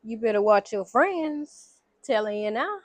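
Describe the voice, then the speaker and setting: A woman's voice: on the high side, expressive, measured pace, no echo. Brazen obsessive woman done by a woman recapper, taunting, dry close sound. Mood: smug.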